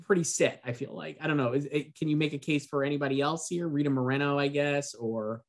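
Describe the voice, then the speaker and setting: A man with a fairly high voice talks through awards predictions in an easygoing, wry way. He builds his case in relaxed conversational turns. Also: a little fast. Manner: easygoing and wry, lays out arguments. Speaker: awards pundit. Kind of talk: casual panel discussion.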